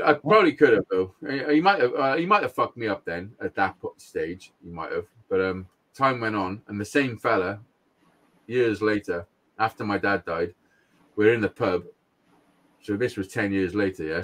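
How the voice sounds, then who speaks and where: A middle-aged man, talking in a low-set voice. He rambles through a casual story on a podcast, blunt and full of swearing, laughing here and there. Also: expressive, normal speed, a bit bright. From Wales. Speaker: podcast co-host.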